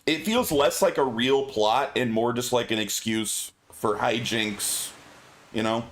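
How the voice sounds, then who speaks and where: A man's voice: mid-range voice, unhurried. Chatty joking man streaming a game. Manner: chatty, joking, filler-heavy. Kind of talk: casual gameplay commentary. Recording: game stream with loud music behind.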